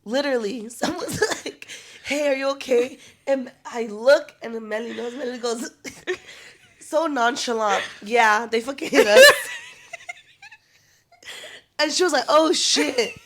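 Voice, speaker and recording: A young woman co-hosting a podcast, telling a story in a lively way, swearing freely and laughing often. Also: a little high, a little slow. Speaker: podcast co-host. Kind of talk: casual chat.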